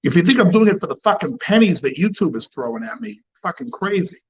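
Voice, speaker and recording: A man's voice: on the high side, big pitch swings, fast talker, muffled recording, slight background noise. A man hosting a cigar channel, chatting casually and bluntly with plenty of swearing. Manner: blunt and profane. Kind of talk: casual livestream chat.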